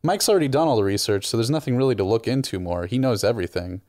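A man co-hosting a casual movie review chat, giving opinionated, animated takes. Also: mid-range voice, fast talker, no room sound, studio quality. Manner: opinionated, animated, frequent restarts. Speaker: movie review podcast co-host.

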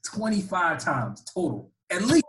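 A man co-hosting a podcast in casual chat, loud and teasing, talking over a video call. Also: sits high, huge pitch swings, measured pace, roomy sound, poor audio. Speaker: podcast co-host.

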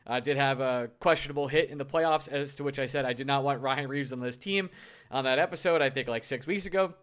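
A man co-hosting a casual sports podcast, talking in an animated, joking and self-deprecating way. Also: medium pitch, brisk, clean tone. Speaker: podcast co-host.

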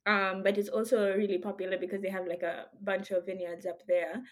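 Laughing frequently, this woman from Kenya co-hosts a podcast full of playful, friendly chatter. She speaks fairly quickly at a medium pitch that barely moves.

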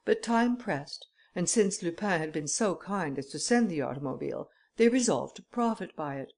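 A woman narrating an audiobook in a measured, expressive storytelling manner. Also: fairly low pitch. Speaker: audiobook reader. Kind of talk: scripted narration.

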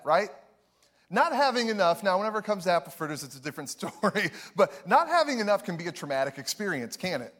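A young man preaching a sermon, telling a story with animated energy, often laughing. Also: high-pitched, brisk. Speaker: pastor.

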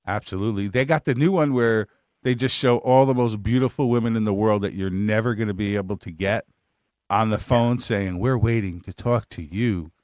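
A man's voice: on the low side, fairly quick, a little mellow, no room sound, clean studio sound. A man hosting a casual interview show, emphatic and agreeable, swearing casually. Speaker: show host.

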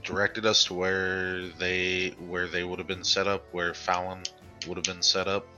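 A male player at a tabletop game talks hesitantly, often pausing on "uh". His lowish, bright voice comes through dull, muffled, lo-fi audio. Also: completely flat delivery, clean tone, faint music behind. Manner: hesitant, with frequent "uh".

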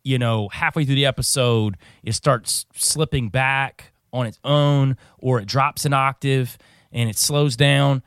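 A man's voice: medium pitch, steady tone, a little slow, a bit bright, clean tone, dry recording. A man with a mid-range voice hosts a podcast, upbeat and ribbing his co-hosts in loose banter. He sits close to a dry studio mic. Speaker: podcast host.

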